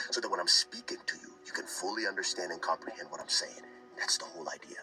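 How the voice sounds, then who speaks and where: A man teaching fast American English phrases, repeating each one for practice in an animated way. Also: sits low. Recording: distant from mic with music behind.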